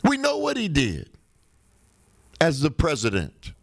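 A man hosting a talk radio show, giving an unhurried, conversational political monologue with rhetorical questions. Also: a little high, wildly swooping pitch, creaky, no room sound.

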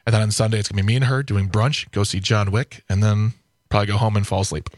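A man's voice: lowish voice, fairly even intonation, fast, darkish tone. Guy hosting a radio show, rambly and laughy, super dry studio mic, nothing echoing. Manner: chatty, rambling, laughs often. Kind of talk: casual studio banter.

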